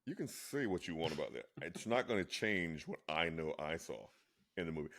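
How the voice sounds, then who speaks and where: A man with a very low voice talks in a casual chat. He argues his point insistently and often restarts or repeats his words. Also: a little fast. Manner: insistent, animated when arguing. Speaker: co-host.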